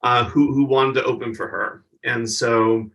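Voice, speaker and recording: A man's voice: medium pitch, steady tone, measured pace, fairly bright tone, far from the mic, rough recording. A male stand-up comedian, a podcast guest, animatedly telling an anecdote and acting out other people's voices.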